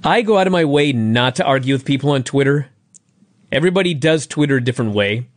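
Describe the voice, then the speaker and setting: A man's voice: medium pitch, expressive, fast talker. A man co-hosting a wrestling review podcast over a call, ranting with heavy profanity in casual chat. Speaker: podcast co-host. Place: home, over Skype.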